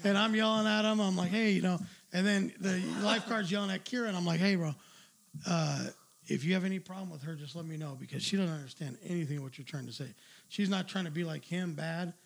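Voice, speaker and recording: A man's voice: high-pitched, quick pace, creaky. A middle-aged man telling a long, rambling anecdote in casual chat, swearing freely and laughing at his own story. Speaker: storyteller on a talk show.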